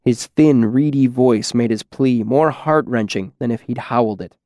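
A man narrating a first-person story at a steady, even pace. His voice has a mid pitch. The recording is dry and close with no room sound. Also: normal speed, no room sound. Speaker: audiobook narrator.

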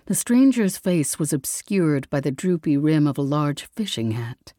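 A woman giving a slow, even scripted narration of a story. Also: sits low, dry recording, clean studio sound. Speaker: audiobook narrator.

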